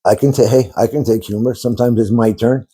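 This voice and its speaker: A man's voice: mid-range voice, steady tone, fairly quick, mellow, slightly rough. A man co-hosting a casual podcast, teasing his friend and swearing casually, recorded on a phone. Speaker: podcast co-host. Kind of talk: casual crude banter. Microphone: phone camera.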